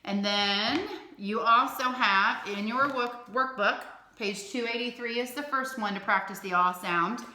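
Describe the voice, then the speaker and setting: A woman teaching a recorded phonics lesson to young children, slowly sounding out each word in an encouraging teacher's tone. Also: on the high side, sharp tone, a little hiss or hum. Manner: slow, clearly sounded-out words with an encouraging teacher's tone. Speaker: elementary school teacher. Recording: echoey room.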